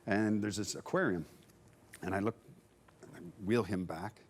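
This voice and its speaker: A man in his forties, a former player on a sports panel, telling a lively anecdote and acting out the voices of the people in it. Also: on the low side, unhurried. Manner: animated anecdote teller, acts out dialogue. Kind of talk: casual storytelling on a sports panel.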